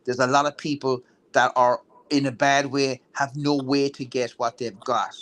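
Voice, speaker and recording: A man's voice: mid-range voice, little pitch movement, normal speed, fairly bright tone. A man talking politics heatedly and bluntly, swearing and restarting his sentences often. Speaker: veteran political talk show guest.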